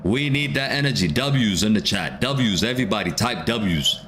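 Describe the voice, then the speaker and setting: A man's voice: fairly low pitch, lively intonation, moderate pace, fairly bright tone, a little hiss or hum. Man hyping a live match to chat. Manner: repeats phrases, urges chat, erupts when a goal goes in. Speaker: watchalong streamer.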